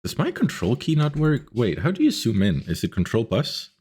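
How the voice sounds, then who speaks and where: A man's voice: mid-range voice, huge pitch swings, moderate pace, darkish tone, slightly rough. A man chatting casually on a live stream, teasing in a dry, wry way.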